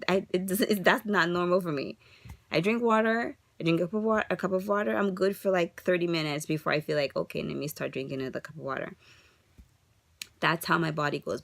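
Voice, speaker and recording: Gravelly-voiced woman venting to camera. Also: deep voice, no echo. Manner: frustrated, rambling, rhetorical questions. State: upset, holding herself together. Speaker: vlogger sharing a fertility journey update. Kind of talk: casual confessional vlog.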